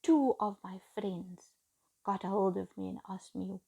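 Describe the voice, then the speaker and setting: A woman's voice: medium pitch, slow pace, creaky, warm tone, breathy edge. A middle-aged woman telling her own story in a confiding, half-whispered voice. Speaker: storyteller recounting her marriage. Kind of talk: personal storytime monologue. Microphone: phone.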